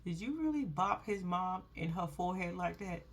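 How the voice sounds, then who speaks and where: A woman's voice: on the low side, normal speed, slight background noise. Sassy, laughing woman reacting to reality TV. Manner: animated, laughing, profane, sassy. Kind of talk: casual reaction commentary.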